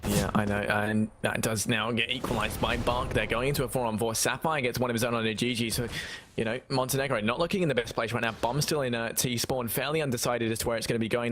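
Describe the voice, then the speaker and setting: A man commentating a live esports match, giving analysis with many fillers and then quick play-by-play. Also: medium pitch, noisy background. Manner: quick, hedging with fillers, builds to excited play-by-play.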